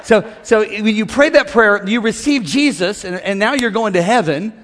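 A middle-aged man preaches with a playful, joking manner and keeps calling on the congregation to respond. His voice is pitched very high. It rings through a large church with a long reverb tail. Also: lively intonation, moderate pace, fairly bright tone, a little hiss or hum. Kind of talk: humorous sermon.

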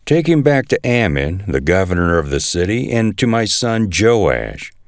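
A man reading scripture aloud, voicing a resentful, commanding ancient king with a sharp manner. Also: low-pitched, big pitch swings, measured pace, dry recording, clean studio sound. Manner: sharp, demanding.

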